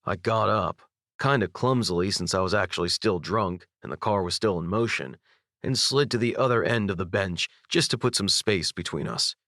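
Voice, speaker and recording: Low-voiced man narrating an audiobook. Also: moderate pace, dry recording, studio quality. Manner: intimate, expressive storytelling. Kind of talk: first-person audiobook narration. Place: dry recording booth. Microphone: studio microphone.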